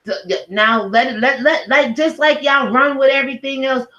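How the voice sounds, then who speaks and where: A woman's voice: high voice, normal speed, pushed and bright, lo-fi sound. A woman giving a heated, profane rant as a YouTube commentator, speaking emphatically. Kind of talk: angry rant to camera.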